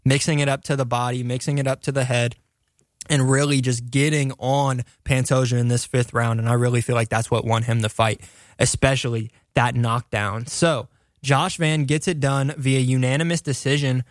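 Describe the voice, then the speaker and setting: A man's voice: medium pitch, level tone, moderate pace, dry recording, clean studio sound. A young man giving a casual, enthusiastic fight recap as a commentator, rambling with many fillers and restarts. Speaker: combat sports commentator.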